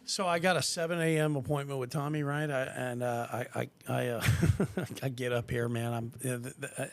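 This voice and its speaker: A man's voice: mid-range voice, normal speed, creaky. A man who works at a car dealership, chatting casually on a podcast and telling stories with acted-out quotes. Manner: animated storyteller who acts out quotes.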